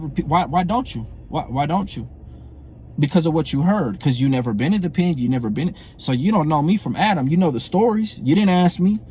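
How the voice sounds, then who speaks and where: This middle-aged former inmate confronts a comedian on camera in a somewhat fast, higher-pitched voice with a darkish tone, and a little background noise can be heard. His speech is heated and profane, full of repetition, and he keeps asking "you know what I'm saying".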